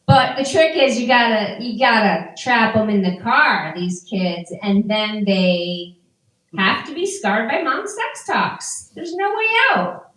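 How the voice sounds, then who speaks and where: A middle-aged woman doing stand-up, firing off dry, deadpan one-liners in a high, lively voice. She takes her time between the jokes. The sound is heard from a distance in an echoey room. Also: takes it slowly. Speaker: stand-up comedian. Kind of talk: stand-up comedy set. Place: comedy venue before a live audience.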